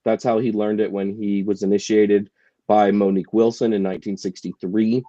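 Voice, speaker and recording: A man's voice: lowish voice, little pitch movement, normal speed, mellow, no room sound, muffled recording. A man on a panel chat, explaining points at length with a wry edge. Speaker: author and panel regular.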